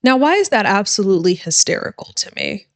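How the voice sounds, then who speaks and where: A woman's voice: medium pitch, sing-song, brisk. A woman lawyer giving reaction commentary on a true crime interview, blunt, sarcastic and emphatic.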